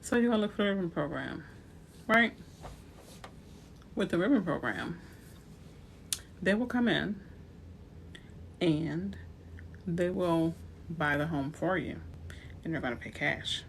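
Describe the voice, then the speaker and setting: A woman's voice: on the low side, a little slow, long pauses, slight background noise. A woman from New Orleans with a New Orleans accent, a realtor giving chatty, playful advice on a live stream. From New Orleans, USA. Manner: chatty, playful asides to viewers.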